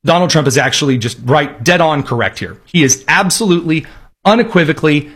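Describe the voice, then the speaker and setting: A man's voice: fairly high pitch, lively intonation, brisk, fairly bright tone, husky. A man delivering sarcastic, emphatic political commentary in a ranting style. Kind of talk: opinionated commentary.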